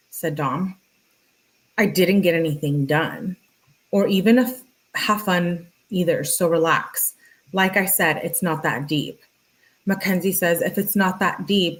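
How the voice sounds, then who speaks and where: Woman, fairly low voice, true-crime host, reading texts aloud, casual commentary, even delivery. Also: poor audio.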